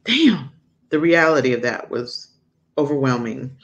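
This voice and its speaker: A middle-aged woman doctor, a podcast guest, telling a personal story frankly and animatedly, jumping up in pitch as she quotes others. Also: moderate pace. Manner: animated, acts out quoted people with sudden high pitch; frank, candid.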